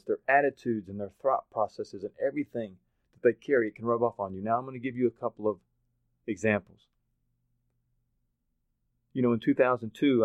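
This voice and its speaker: A man from Oklahoma gives a motivational talk and tells animated stories, acting out voices as he goes. His voice sits in the middle range. The recording is dry and thin, as if heard over a phone line. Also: medium pitch, no room sound. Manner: animated storytelling, acts out voices and laughs. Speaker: motivational speaker. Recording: dry, phone-like narrow sound.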